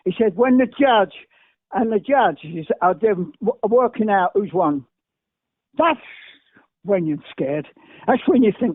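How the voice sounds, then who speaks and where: Speaking slowly and expressively in a high voice, an older English guest tells rambling anecdotes full of emphasis and repetition during an interview. There's no echo, and the audio is dry and tinny, similar to a phone.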